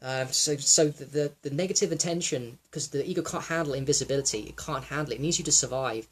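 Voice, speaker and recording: A young man in a raw personal monologue, reflective and halting, with many fillers and restarts, sometimes close to tears. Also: fairly high pitch, breathy edge. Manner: emotional, close to tears at times. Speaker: wellness vlogger.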